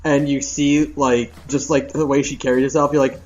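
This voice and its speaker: A podcast co-host in casual video game chat, laid-back, profane and quick to laugh. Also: medium pitch, flat delivery, darkish tone. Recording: slightly dull sound with faint music.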